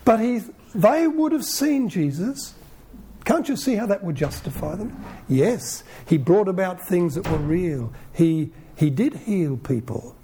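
A man giving an informal Bible teaching in a conversational way, full of rhetorical questions and lively asides. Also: sits high, measured pace, slight background noise.

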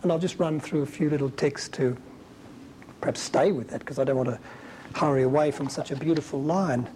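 A man giving a conversational Bible teaching as a preacher, talking in an animated, colloquial and emphatic way. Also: a little high, a little fast, a little hiss or hum, rough recording.

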